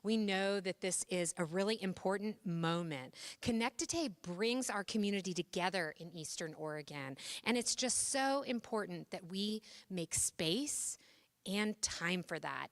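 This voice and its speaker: A woman's voice: on the low side, a little slow, no room sound. A middle-aged woman, a university president, giving an upbeat welcome speech on an event stage with chatty asides.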